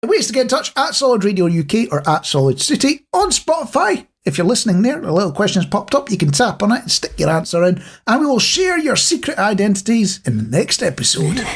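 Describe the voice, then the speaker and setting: A man's voice: high-pitched, very animated, brisk, hardly any pauses, breathy edge. A Scottish man co-hosting a podcast, chatting casually with a playful, mock-conspiratorial manner. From Scotland. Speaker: podcast co-host. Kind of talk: casual chat.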